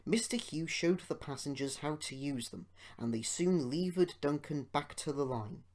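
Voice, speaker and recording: A man reading a children's storybook aloud as an amateur audiobook narrator, in a measured, expressive way. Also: fairly high pitch.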